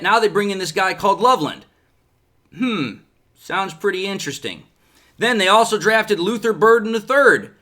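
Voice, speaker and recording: A man hosting a sports commentary show, talking in a sarcastic, animated way with lots of rhetorical questions. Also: sits high. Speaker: sports podcast host.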